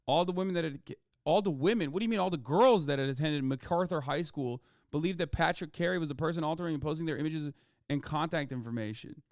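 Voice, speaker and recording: A male streamer delivers heated, profanity-filled livestream commentary into a close, dry mic with no room echo. His smooth, clear voice sits fairly high for a man, with a darkish tone and a quick pace.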